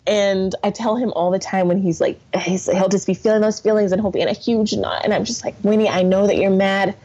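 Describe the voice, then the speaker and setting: A woman guest on a podcast, chatting casually as an animated storyteller who acts out the people she quotes. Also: mid-range voice, fairly quick. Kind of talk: casual chat. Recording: dull lo-fi recording.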